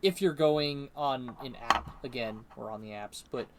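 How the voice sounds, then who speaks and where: A man's voice: medium pitch, measured pace, background noise. A man with a Midwestern US accent in casual podcast chat, rambling with fillers and swearing freely. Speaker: podcast co-host.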